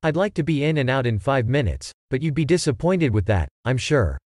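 A man's voice: medium pitch, very animated, a little fast, darkish tone, no room sound, clean studio sound, natural voice. Man doing an earnest, chatty baby photographer. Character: earnest, long-winded male baby photographer.

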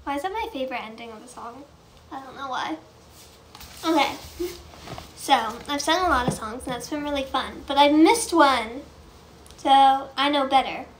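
A woman singer chatting casually between songs on a live stream, quick to apologize and laugh at herself. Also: high-pitched, a little hiss or hum. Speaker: singer-songwriter. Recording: echoey room.

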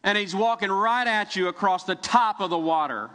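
A middle-aged man preaching a sermon, telling the story vividly with dramatic pauses. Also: sits high, bright, forceful tone, big-room sound. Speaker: pastor. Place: church sanctuary.

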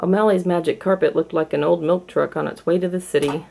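Woman reading a kids storybook, low voice with some fry, steady and clear. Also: fast talker, slight background noise. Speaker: storybook reader. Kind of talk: storybook read-aloud for kids.

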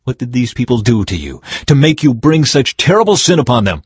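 An older leader pleads and commands in an earnest, husky voice, as a man reads his lines. The sound is dry and close, read rather than acted. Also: mid-range voice, very animated, brisk, no echo. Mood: pleading.

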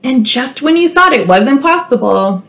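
A woman school librarian reading a children's storybook aloud, expressive and playful, with teasing asides to her listeners. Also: high voice, moderate pace.

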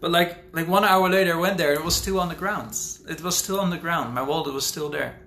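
A man hosting a casual live question-and-answer stream about his book, rambling and thinking out loud as he talks. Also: fairly high pitch, fairly quick, slight background noise. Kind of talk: casual livestream chat. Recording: roomy echo with faint ambience.

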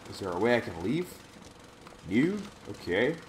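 Slightly slow and on the low side, this man's voice swings widely in pitch as he narrates a horror game let's play amid slight background noise. The gaming host is jokey and jumpy, speaks to his viewers, and lets out swears when scared.

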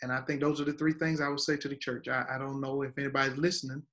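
A man's voice: mid-range voice, flat delivery, fast talker, fairly bright tone. A man, a guest pastor, teaching in a preaching style, emphatic and repeating words for weight.

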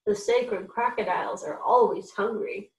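A woman's voice: mid-range voice, moderate pace, a little mellow, lightly acted. A fawning, cruel court scribe talks in a stiff, formal way, as a woman reading a storybook puts him on. The voice sounds distant from the mic in an echoey room. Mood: officious. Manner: formal, officious. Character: fawning, cruel royal chief scribe, man.

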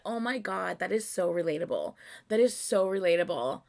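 A young woman reacting to a music video at home, gushing with excitement while keeping her voice down so she doesn't wake anyone. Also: fairly low pitch, fairly quick, vocal fry. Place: home, early morning.

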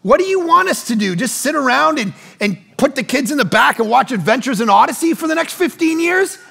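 Male pastor, middle-aged, gravelly and high-pitched; animated storyteller sermon, chatty asides. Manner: conversational storytelling with rapid asides; animated, acts out quoted people.

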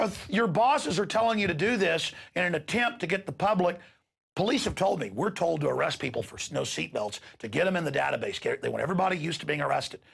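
A man's voice: a little high, vocal fry, fairly bright tone, breathy edge. A man hosting a talk show, giving an impassioned, ranting monologue and acting out quoted exchanges.

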